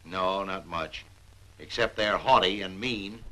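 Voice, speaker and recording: An actor playing a blunt, folksy older grocer who grumbles about the nobility. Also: male voice, low-pitched, takes it slowly, sharp tone, exaggerated voice, rough recording. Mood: grumbling. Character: gruff older male grocer, blunt, distrustful of nobles. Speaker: shopkeeper.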